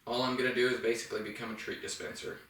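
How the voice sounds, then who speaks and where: Man, dog trainer, step-by-step explanations, bright clear tone, roomy echo, a bit off-mic. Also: mid-range voice, little pitch movement, racing, a little hiss or hum. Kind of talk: instructional demonstration. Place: indoors in a home. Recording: roomy, from a distance.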